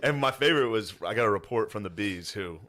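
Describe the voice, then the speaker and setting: A man's voice: on the low side, expressive, fast, bright, forceful tone. A man co-hosting a podcast, teasing and laughing in loose, profane casual chat. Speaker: podcast co-host.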